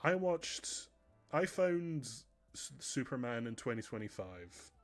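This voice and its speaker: A male streamer talks through a just-chatting stream in an earnest, rambling way. He often stops mid-phrase and starts over. His voice sits at an ordinary middle pitch. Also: big pitch swings, takes it slowly, soft background music.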